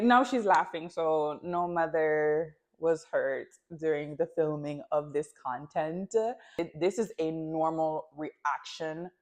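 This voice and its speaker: A woman's voice: fairly low pitch, a little mellow. A woman hosting a reaction video, talking casually and filling her sentences with "like". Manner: chatty, peppered with "like". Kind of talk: casual commentary.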